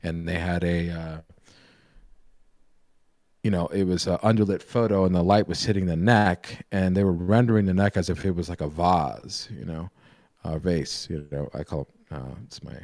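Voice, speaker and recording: A man with a deep, low voice chats about art on a live painting stream. He explains in loose, winding sentences that keep restarting. The sound is close and dry. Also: normal speed, a little mellow, no echo. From New York. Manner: rambling, self-correcting explainer. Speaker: co-host, painter and drawing teacher. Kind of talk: casual live-stream chat.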